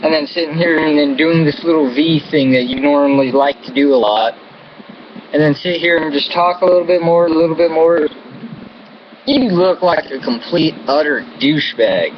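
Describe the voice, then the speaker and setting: An American man with a fairly high voice and moderate pace vlogs to camera in an angry, profane political rant brimming with contempt and insults. The audio is dull and lo-fi, humming with air conditioning.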